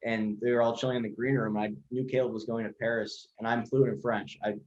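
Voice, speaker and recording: A man who is a guest chef on a podcast, telling stories in a rapid, rambling way full of fillers and swearing. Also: mid-range voice, flat delivery, darkish tone. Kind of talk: casual storytelling. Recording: lo-fi dull audio.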